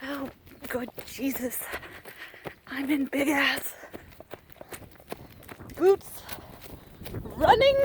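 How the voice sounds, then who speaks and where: A woman's voice: sits high, slow pace, long pauses, slight background noise. A woman vlogging outdoors on a farm with alpacas, talking in a playful, theatrical way as she films with a handheld camera. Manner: playful, theatrical, mock-grand phrasing. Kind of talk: casual outdoor vlog commentary.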